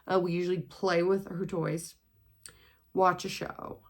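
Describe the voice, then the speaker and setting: A woman's voice: on the low side, level tone, measured pace. A woman in her twenties talking casually in a rambling vlog while walking on a treadmill at home. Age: 20s. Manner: chatty, rambling, sprinkled with swearing. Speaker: vlogger.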